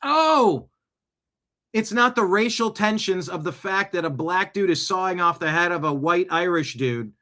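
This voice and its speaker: Man, host, political commentary, sarcastic rants, fairly high, bright and forceful. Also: moderate pace, few pauses. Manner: animated, sarcastic ranting; talks back at what he watches. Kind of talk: political commentary reacting to clips.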